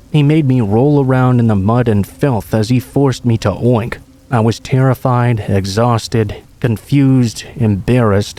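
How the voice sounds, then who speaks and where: A man tells a true horror story in scripted narration. His voice is mellow and dark, sitting at a middle pitch, and his delivery stays calm and steady throughout.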